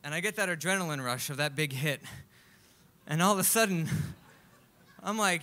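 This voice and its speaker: A man telling a comic personal story live on stage, animated and acting out other people's lines. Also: sits high, moderate pace. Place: live stage at a music club.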